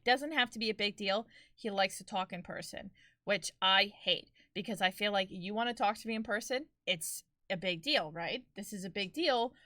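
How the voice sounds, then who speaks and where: A young woman streams and chats casually with her viewers and live chat, telling stories and laughing often. Her medium-pitched voice has a sharp tone, captured in clean studio sound with no room sound.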